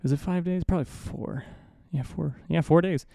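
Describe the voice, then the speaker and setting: A man's voice: a little high, normal speed, gravelly, dark tone, no room sound. A man hosting a podcast, telling a long story in a rambling, profane, self-deprecating way through a studio mic. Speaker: podcast host. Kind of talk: casual storytelling monologue. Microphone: studio mic through an audio interface.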